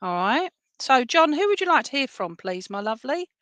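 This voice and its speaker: A woman's voice: sits high, sing-song, brisk, a bit bright, dry recording. A woman medium giving clairvoyant readings in an online service, chatty and affectionate, often checking in with "all right?". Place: home, by herself.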